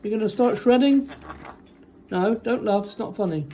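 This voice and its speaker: A woman chatting at home to her pet parrot, coaxing and doting in gentle baby talk. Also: mid-range voice, moderate pace, a little hiss or hum, rough recording. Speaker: pet owner. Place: at home, indoors.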